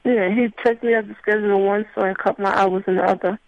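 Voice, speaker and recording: A woman's voice: medium pitch, steady tone, fast, muffled recording. A woman sits in as a radio guest and answers in a casual, blunt way. Her replies are short and plainspoken. The sound is dry, with no room echo. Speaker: radio guest telling her workplace harassment story. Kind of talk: casual talk.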